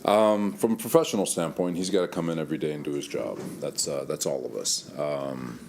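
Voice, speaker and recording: A man's voice: rumbling low, a little fast, creaky, noisy background. A man, a head coach, answering reporters' questions in a candid, conversational way, thinking aloud and a little winded. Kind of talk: press conference answers. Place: press room.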